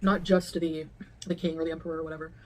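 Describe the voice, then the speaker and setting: A woman's voice: sits low, little pitch movement, fast talker, darkish tone, a little hiss or hum. A woman co-hosting, chatting casually and rambling about food and family, with frequent laughs. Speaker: co-host. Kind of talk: casual chat.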